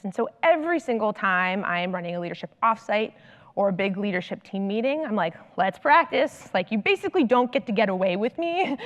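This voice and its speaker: A woman in her thirties, a consultant and coach, giving a conference talk in an animated storytelling manner with lots of "like". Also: medium pitch, dull audio. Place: large conference hall. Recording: long hall reverb from stage.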